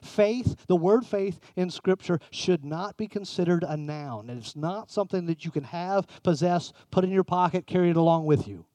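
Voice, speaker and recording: High-voiced emphatic male preacher. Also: expressive, normal speed, few pauses, dry recording. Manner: emphatic, swings between raised and hushed delivery. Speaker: pastor. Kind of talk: sermon.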